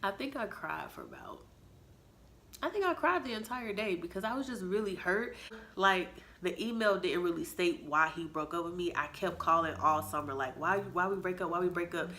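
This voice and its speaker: A young woman telling a story from her teen years to the camera, with a slightly low voice. She talks with a dramatic, animated flair, acting out lines and adding sound effects as she goes. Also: moderate pace, slight background noise. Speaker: vlogger. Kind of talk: storytime vlog.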